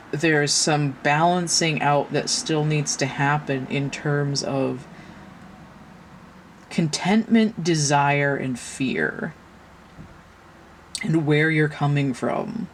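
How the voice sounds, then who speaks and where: A woman's voice: deep voice, extremely slow, long pauses, a little hiss or hum. A woman giving a casual tarot reading, frank and a little profane, asking her listeners question after question. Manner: frank and swearing, full of rhetorical questions. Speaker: tarot reader.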